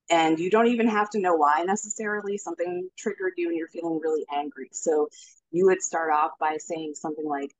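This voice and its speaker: A woman guest on a podcast, explaining a healing practice earnestly and gently, with many ums and restarts. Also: lowish voice, dry recording, lo-fi sound. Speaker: podcast guest, spiritual healer. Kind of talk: casual interview talk.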